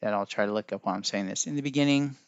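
A man's voice: on the low side, racing, smooth, no room sound. A man hosting a solo podcast, talking in a musing, teacherly way that keeps correcting itself. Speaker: podcast host. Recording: dry, dull lo-fi sound.

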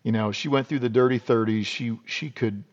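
A man's voice: medium pitch, steady tone, moderate pace. Middle-aged guy from south dakota rambling thru stories on a podcast, kinda muffled sound. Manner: rambling, folksy, restarts and repeats words. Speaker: podcast guest. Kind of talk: casual storytelling interview.

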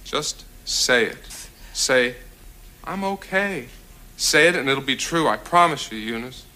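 An actor playing a pushy, upbeat psychiatrist in a TV comedy sketch, coaxing and insistent like a pep talk. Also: male voice, medium pitch, animated, slow, bright, forceful tone, exaggerated voice.

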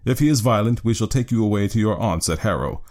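A man reading an audiobook, voicing a cool, calculating detective in a measured, clipped way. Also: lowish voice, expressive, darkish tone, close to an everyday voice. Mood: calm.

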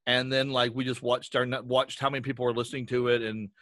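A man from Southwestern Virginia chats as a guest on a podcast, rambling and poking fun at himself. He keeps restarting his sentences and talks at a middling pitch, recorded close and dry. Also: level tone, a bit bright, dry recording. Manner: rambling, self-deprecating, quick restarts. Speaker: podcast guest, audio drama creator. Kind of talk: casual podcast conversation.

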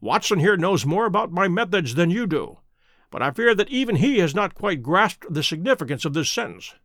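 A man voicing a keen, self-assured detective who speaks crisply and precisely, in a dry close recording. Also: sits high, sing-song, brisk, fairly bright tone, no echo, full character voice. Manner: crisp, precise and pleased with himself.

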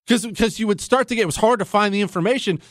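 A middle-aged podcast host runs a political talk show, speaking high and quick with indignant, sarcastic commentary and mock quotes. The recording is dry and clean, studio quality.

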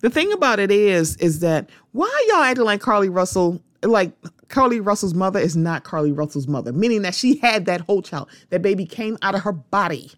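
A woman's voice: medium pitch, fairly quick, no echo. Outspoken woman podcaster, dry close sound. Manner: animated, repeats "the thing about it is", talks straight to listeners. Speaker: podcast host. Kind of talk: casual opinion monologue.

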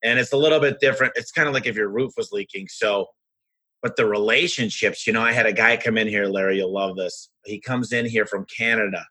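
A man hosting a podcast and telling business stories in an energetic, frank, rambling way. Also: on the low side, fairly quick, husky. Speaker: podcast host and business owner. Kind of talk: casual conversational storytelling.

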